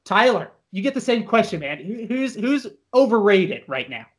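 Animated chatty male podcast co-host. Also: high-pitched. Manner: animated, many filler "like"s, quick laughs. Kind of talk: casual chat.

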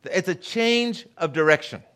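A middle-aged guest pastor preaches a sermon in a high-pitched, expressive voice that is a bit bright and smooth, keeping a measured pace. He tells stories and acts out the voices of the people he quotes.

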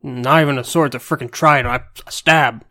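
A man's voice: mid-range voice, fairly even intonation, brisk, bright, forceful tone. A man playing a blunt, laid-back orphan warrior who fights with a trident, in a bad Texas drawl. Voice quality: bad Texas drawl, Stone Cold impression.

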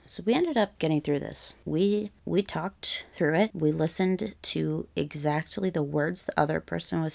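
A young woman earnestly telling a personal story to the camera, halting and full of "like", with casual swearing. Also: lowish voice, gravelly, a little mellow, no echo.

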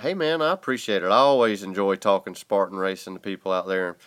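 A man's voice: low-pitched, fast, fairly bright tone. A man with a Southern US drawl hosting a podcast in casual chat, laid-back and a bit congested from a sinus infection. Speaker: podcast host.

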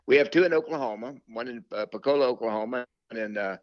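An older male country singer rambles through stories from his career in a relaxed interview, full of fillers and restarts. His voice is medium-pitched and he talks fast. The recording is dry and sounds dull.

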